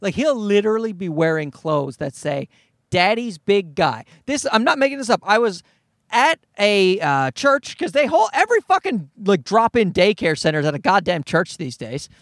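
A man's voice: sits high, sing-song, moderate pace, a bit bright, dry recording, studio quality. A man, a father of a toddler, ranting in an exasperated, profane comedic monologue.

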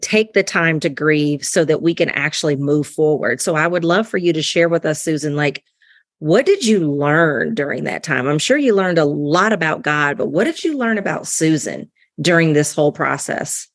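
A woman's voice: sits low, lively intonation, moderate pace, dry recording, studio quality. A woman hosting a podcast interview, asking questions in an encouraging way. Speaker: podcast host. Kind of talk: conversational interview.

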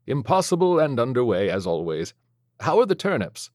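A kindly male Trappist monk, as a narrator puts him on, speaks with patience and mild humor. His manner is courteous and welcoming. The voice sits somewhat higher and brighter than the narrator's own. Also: very animated, moderate pace, no room sound, clean studio sound, natural voice. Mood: wry. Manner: warm, courteous, gently humorous.

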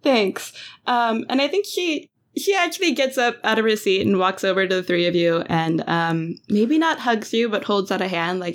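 Woman game master, soft-spoken with ums. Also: medium pitch, expressive, normal speed. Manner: hesitant, giggly, many ums. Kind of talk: narrating a tabletop game.

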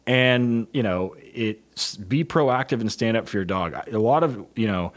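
Blunt, profane man, fairly low voice. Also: moderate pace, few pauses. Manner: blunt, profane, animated storytelling. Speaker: police dog handler trainer. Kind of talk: casual podcast chat.

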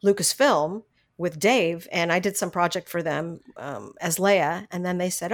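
A middle-aged woman, a voice actress, telling stories from her career in a casual interview, animated, laughing often and restarting her sentences. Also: lowish voice, brisk. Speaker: voice actress guest.

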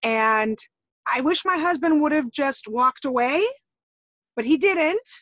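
A woman's voice: high voice, lively intonation, takes it slowly, fairly bright tone, no echo. A woman, a mother, describing a family incident earnestly and asking for advice. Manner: earnest, storytelling, frequent brief agreement. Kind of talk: casual conversation.

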